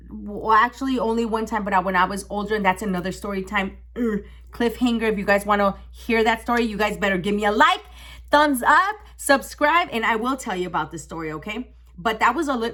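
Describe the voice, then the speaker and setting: A young woman telling a storytime vlog in casual chat, animated and full of restarts. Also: mid-range voice, moderate pace. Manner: animated, with dramatic gasps and frequent restarts. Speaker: vlogger.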